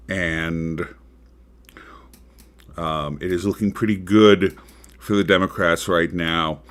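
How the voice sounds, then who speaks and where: A man's voice: sits low, a bit bright. A man hosting his own livestream talk show, chatting casually about politics with frequent ums and rambling asides.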